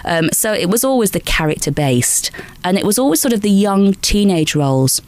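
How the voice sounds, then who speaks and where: A woman in her forties from Lancashire, England, telling lively stories in an interview as a guest actress, often restarting sentences. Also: mid-range voice, normal speed, no echo. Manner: lively anecdotal storytelling, frequent restarts and small laughs. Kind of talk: chatty interview answers.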